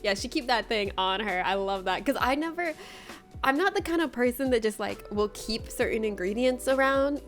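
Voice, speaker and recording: With soft music playing behind her, a young woman streamer speaks in a fairly high, expressive voice at a moderate pace. Her casual chat with viewers is bubbly and full of laughter, and she welcomes them by name.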